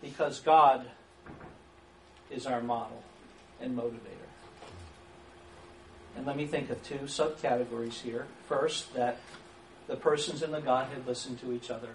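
A man teaching a church class on counseling, lively and acting out sample questions, with an occasional chuckle. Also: mid-range voice, moderate pace, pauses often. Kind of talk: church training lecture. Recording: echoey room from far off, faint hiss.

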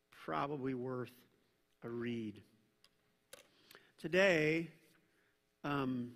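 Bright-voiced pastor preaching in a hall. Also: male voice, medium pitch. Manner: conversational, animated preaching with asides. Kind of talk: sermon. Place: church sanctuary. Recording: reverberant church hall.

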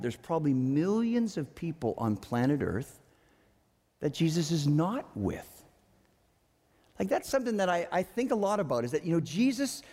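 A male pastor delivers a sermon in a church sanctuary, talking to the congregation in a lively, conversational way and slipping in playful asides. His pitch rises and falls widely, and his voice rings with the long reverb of a large hall.

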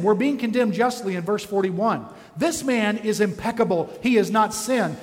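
An intense male preacher delivering a sermon with a high voice. He drives his points home with one rhetorical question after another. The sound carries a long reverb from a large church hall. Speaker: pastor.

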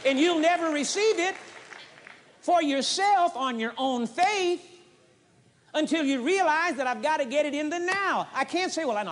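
High-voiced emphatic man preaching. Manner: emphatic, repeats phrases for stress. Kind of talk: sermon. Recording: long hall reverb, 1980s audio tape.

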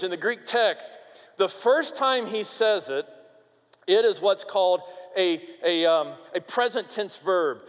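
A man preaching a sermon as pastor, emphatic and animated, sometimes dropping to a quiet, earnest tone. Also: high voice. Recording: long reverb of a large hall.

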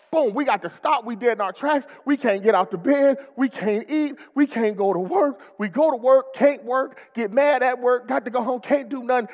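Preacher, male, rousing sermon with call-and-response, high and lively voice, long church reverb. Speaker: pastor.

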